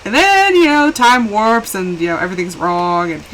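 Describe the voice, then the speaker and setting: A woman chatting casually while live-streaming a game, rambling and quick to laugh, switching between hushed asides and excited bursts. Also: medium pitch, slight background noise, poor audio.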